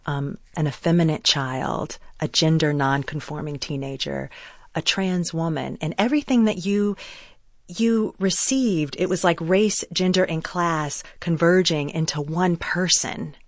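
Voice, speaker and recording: Interview host, mid pitch, measured, reflective, dry close sound. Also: dry recording.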